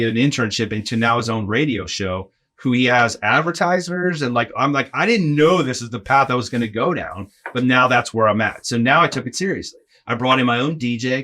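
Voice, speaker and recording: A man telling a story in a casual podcast chat, animated and acting out other people's lines. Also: medium pitch. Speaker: podcast guest, arena game host.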